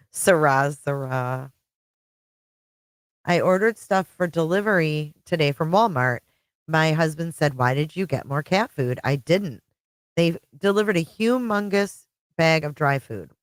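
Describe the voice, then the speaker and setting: Low-voiced chatty woman livestreamer. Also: lively intonation, a little slow, no room sound. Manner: chatty, greets viewers by name. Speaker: livestream host. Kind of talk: casual live-chat stream.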